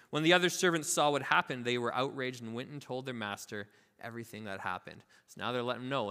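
A man preaching a sermon as pastor, telling a parable with lively asides and acting out the characters' voices. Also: medium pitch, fast talker, hardly any pauses, big-room sound. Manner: informal, filler-heavy asides. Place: church sanctuary.

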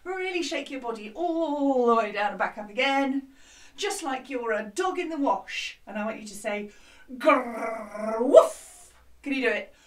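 A woman who is a music teacher, leading a lively children's music lesson from a hut, with a bright, encouraging, sing-song way of talking. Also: sits high, moderate pace. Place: outdoor classroom hut. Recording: slightly distant mic with music behind.

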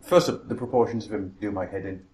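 A man's voice: lowish voice, fast, a little mellow. A man co-hosting a casual chat, teasing and blunt with his opinions. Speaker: podcast co-host. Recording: echoey room with faint hiss.

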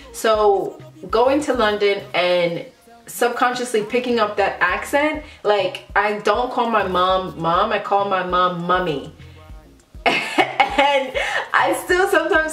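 A woman in her late twenties from a Ghanaian family in the United States, talking candidly in a casual vlog and filling her speech with "like.". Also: fairly high pitch. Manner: chatty and candid, many "like" fillers. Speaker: vlogger. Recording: roomy echo, faint background music.

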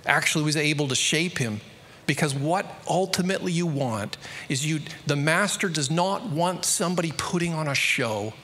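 Australian male pastor, bright sharp tone, reverberant church hall, storytelling sermon. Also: fairly high pitch. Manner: conversational, storytelling, quickening to emphatic peaks.

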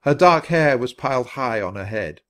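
Lively man reading a storybook. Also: medium pitch, normal speed. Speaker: storybook reader. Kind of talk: reading a children's chapter book aloud.

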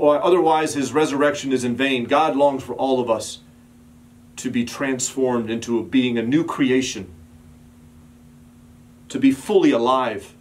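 A man preaching a sermon as pastor, building emphatic repeated calls and sometimes dropping to a soft, quiet storytelling voice. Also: medium pitch.

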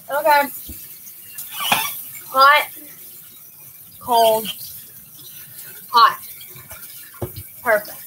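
Teen girl vlogger, high voice, unhurried, rambling and self-mocking, talks to pets at home. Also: lively intonation, background noise. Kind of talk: casual vlog chat. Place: home, bathing kittens.

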